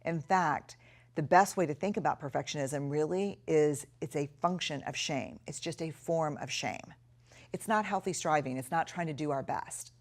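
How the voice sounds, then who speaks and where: A middle-aged woman giving a recorded video lesson, talking earnestly and reflectively, slowing down to stress key words. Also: low voice. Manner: earnest, reflective, with slow emphatic stretches. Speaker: course instructor.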